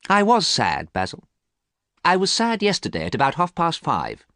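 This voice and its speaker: A man's voice: a little high, huge pitch swings, moderate pace, a bit bright, no room sound, pitched above the performer's own voice, heavily acted. A man voicing a vain, cold young man who drawls in a haughty, raised voice, recorded close and dry.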